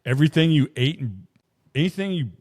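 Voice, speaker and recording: A man's voice: fairly high pitch, big pitch swings, brisk, a little mellow. A man co-hosting a podcast, telling long, profane stories in casual chat. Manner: profane, rambling storyteller. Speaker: podcast co-host.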